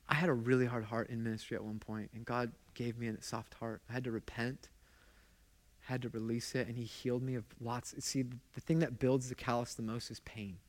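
A male pastor delivers a sermon in a medium-pitched, middle-range voice. He speaks conversationally and draws the congregation in with questions, telling his stories with passion.

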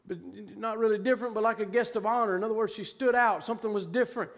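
A man's voice: high-pitched, steady tone, quick pace, long reverb tail. A man preaching a sermon with fervent emphasis and plain vernacular grammar as he recounts a vision.

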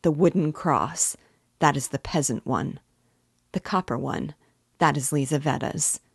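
A woman's voice: sits low, unhurried, creaky, husky, no room sound, clean studio sound, heavily acted. Woman reading as a feverish, agitated young man. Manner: restless, incoherent, self-mocking. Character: agitated young male student, feverish, bitter.

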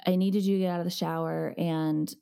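A woman's voice: on the low side, fairly even intonation, fairly quick, vocal fry, mellow, clear, resonant tone. A woman co-hosting a podcast, giving earnest, reassuring parenting advice in casual conversation.

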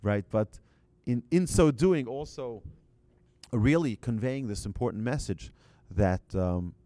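A man giving a storytelling talk to an audience as a religious teacher, conversational and halting, with restarts and light asides to the listeners. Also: mid-range voice, expressive, mellow, no room sound.

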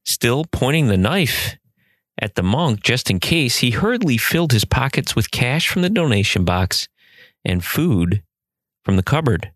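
A man hosting a podcast, telling a story and giving mindfulness advice in a gentle, reflective way. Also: mid-range voice, big pitch swings, a little slow, no echo. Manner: gentle and reflective, with soft hesitations. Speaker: podcast host.

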